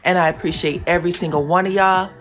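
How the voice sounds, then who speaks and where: A woman's voice: fairly low pitch, fast talker, faint music behind. A young woman giving a casual, slangy recap of a reality TV episode, acting out the lines she retells. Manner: animated, slangy, acts out the quotes she retells. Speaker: YouTube reality TV reviewer.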